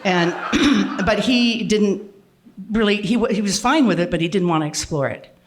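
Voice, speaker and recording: An older woman telling a personal story to an audience, with frequent restarts and throat clearing. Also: mid-range voice, normal speed.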